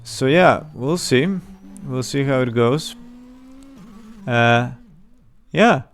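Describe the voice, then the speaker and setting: Slow, gravelly-voiced male streamer. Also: medium pitch, a little hiss or hum. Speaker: game developer streaming his work. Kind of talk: casual live-stream sign-off.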